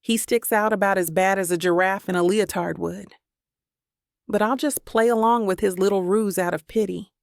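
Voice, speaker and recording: A woman's voice: mid-range voice, fairly even intonation, normal speed, vocal fry, no room sound, clean studio sound. A woman narrating a first-person romance audiobook in a wry, sarcastic tone.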